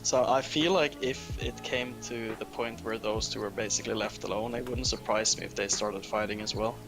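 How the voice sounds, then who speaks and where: A man's voice: fairly low pitch, steady tone, brisk, over music. Joking young-sounding man on a call. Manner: joking, offhand, swears casually. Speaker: stream guest. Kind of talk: casual chat on a voice call.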